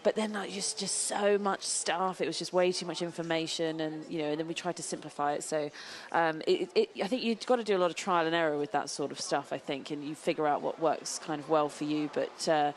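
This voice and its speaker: A woman's voice: sits low, fairly even intonation, a little fast, few pauses. A woman who coaches and once played tennis, answering in a hesitant, self-correcting way in a studio chat. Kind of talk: studio sports punditry.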